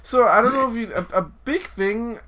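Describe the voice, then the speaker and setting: A man's voice: very high-pitched, brisk, bright, forceful tone, slight background noise. A man co-hosting a podcast, rambling in casual banter, cursing often and restarting his sentences. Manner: rambling, profane, laughs a lot, many restarts. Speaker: podcast co-host.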